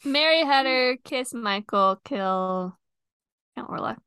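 A woman co-hosting a casual podcast chat, giving short, deadpan answers. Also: high-pitched, takes it slowly, clean tone, no echo, clean studio sound. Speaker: podcast co-host.

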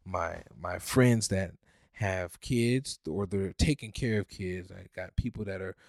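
A man's voice: low voice, unhurried, creaky, no room sound, studio quality. Fervent man preaching on a podcast. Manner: fervent, swings from loud preaching to hushed pleading. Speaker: podcast host.

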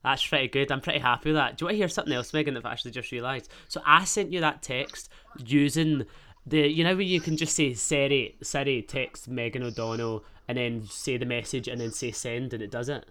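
A man's voice: mid-range voice, brisk, bright, forceful tone. A man with a Glaswegian accent hosting a casual podcast, rambling on with swearing and self-mocking banter. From Scotland. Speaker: podcast host. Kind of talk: casual solo podcast chat.

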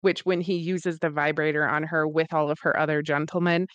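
Low voiced woman cohost, blunt, laughs easy, swears, dry close sound. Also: level tone, a little fast, no echo, muffled recording. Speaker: podcast co-host. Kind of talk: casual book-club chat.

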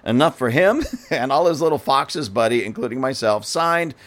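A man's voice: mid-range voice, expressive, normal speed, a bit bright, close to an everyday voice. A man voicing a folksy male fox who writes a mock-official note, chuckling as he goes.

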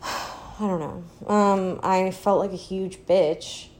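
A young woman giving a casual, sardonic opinion monologue as a podcast host. She rambles, leans heavily on "like," and slips into a mocking high baby voice when quoting others. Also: steady tone, takes it slowly, a little mellow. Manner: sardonic, rambling, heavy use of "like".

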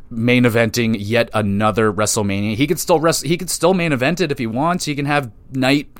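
A fairly low-voiced man talks straight into a close mic in a dry, dead room. He runs his solo podcast in a loose, profane style, getting excited and thinking out loud as he makes his picks. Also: no room sound. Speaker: podcast host. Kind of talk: solo wrestling podcast predictions.

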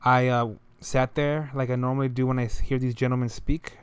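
A man's voice: mid-range voice, level tone, brisk, clear, resonant tone, no echo. A young man telling a story in a loose, rambling way, full of slang and fillers. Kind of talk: casual storytelling monologue.

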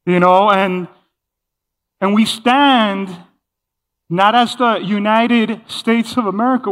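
Middle-aged man, pastor, conversational sermon, high voice, long church reverb. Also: a bit bright. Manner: conversational, acts out quoted voices, laughs often. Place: church hall.

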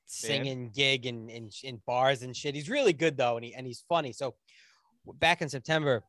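A man's voice: medium pitch, normal speed, fairly bright tone, no echo. A man with a New York accent, a podcast guest telling blunt, profanity-laced stories in casual chat.

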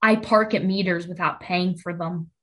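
A woman's voice: fairly low pitch, fairly even intonation, normal speed, a bit bright. A young woman in a casual chat, talking like a college student, telling rambling stories full of "like". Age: young adult. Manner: chatty storyteller, fillers like "like" constantly.

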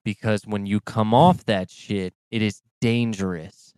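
A man's voice: on the low side, fairly even intonation, a little slow, a little mellow, clear, resonant tone, no echo, clean studio sound. A man co-hosting a casual podcast chat, blunt and profane, laughing along. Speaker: podcast co-host.

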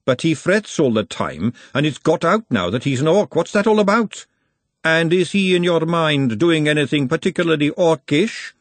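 A man's voice: a little high, expressive, normal speed, no room sound, voice pushed up. A man voicing an earnest, outspoken young woman who works as a cook and talks in a blunt, defensive way.

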